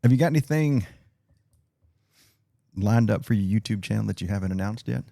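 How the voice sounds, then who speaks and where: A man's voice: on the low side, animated, a little fast, creaky, dark tone, no room sound, studio quality. A man hosting a casual podcast, mostly giving short replies and laughing along. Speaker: podcast host.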